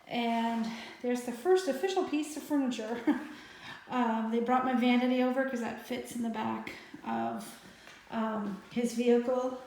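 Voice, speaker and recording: Woman, casual vlog chat, rambling, laughs a lot, fairly high voice. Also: animated, unhurried, a little mellow, reverberant, a little hiss or hum. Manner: chatty, rambling, laughs often. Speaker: vlogger. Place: home kitchen.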